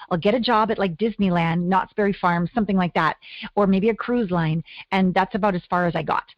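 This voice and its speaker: A middle-aged woman from Canada, a guest telling her life story in an earnest, animated way. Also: medium pitch, dry recording. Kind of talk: interview storytelling. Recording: dull lo-fi audio.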